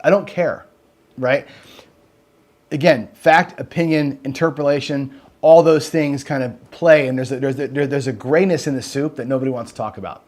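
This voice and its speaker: A man's voice: medium pitch, fairly even intonation, normal speed, a little mellow. A man hosting a casual livestream, rambling and asking "right?" after nearly every sentence, and swearing when he gets heated. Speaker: host.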